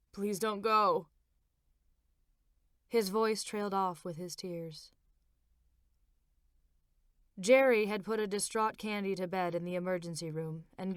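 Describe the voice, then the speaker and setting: Woman author narrating her own novel, smooth clear voice, dry close recording. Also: on the low side, dry recording. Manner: measured, expressive reading. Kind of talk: audiobook narration.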